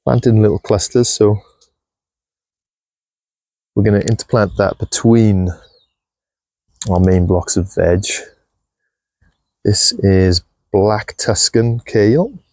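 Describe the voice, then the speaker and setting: A man chatting casually while he shows his farm and garden, relaxed and self-deprecating, with a clip-on mic. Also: lowish voice, slow pace, long pauses, no room sound. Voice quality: gravelly. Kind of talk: casual walk-and-talk vlog. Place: outdoors on a farm and in a polytunnel. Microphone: clip-on mic on clothing.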